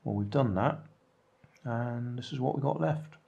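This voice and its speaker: A man's voice: medium pitch, measured pace, creaky, slightly rough, lo-fi sound. Older man chatting between bites. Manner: relaxed, chatting while eating. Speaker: vlogger. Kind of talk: casual home food vlog.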